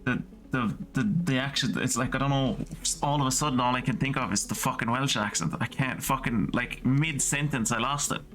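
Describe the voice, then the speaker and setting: A man streaming a story game, reading the narration aloud and commenting casually, excitable and prone to swearing. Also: medium pitch, a little fast, faint music behind.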